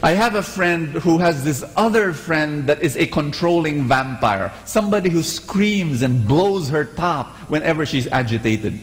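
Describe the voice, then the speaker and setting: A man preaching a sermon, animated and conversational, asking the congregation to repeat after him. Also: fairly high pitch, unhurried, few pauses, in a large hall, poor audio.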